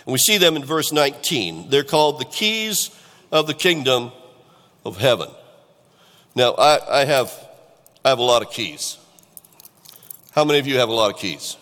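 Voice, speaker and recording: A man's voice: mid-range voice, expressive, measured pace, long pauses, pushed and bright. Man preaching in a reverberant church. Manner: conversational preaching, questions to the congregation. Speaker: pastor. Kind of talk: sermon.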